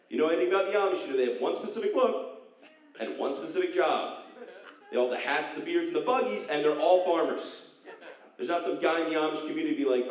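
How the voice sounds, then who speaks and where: A man from central Pennsylvania doing a rambling, self-deprecating stand-up set on a casino club stage, slipping into silly high voices for bits. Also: lively intonation, quick pace. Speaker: stand-up comedian. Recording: roomy, distant, dull club recording with audience. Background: audience laughter.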